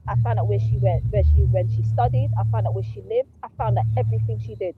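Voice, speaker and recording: A woman's voice: medium pitch, quick pace, phone-quality sound, noisy background. A woman, bluntly telling a story on a podcast and swearing freely. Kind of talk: animated storytelling chat.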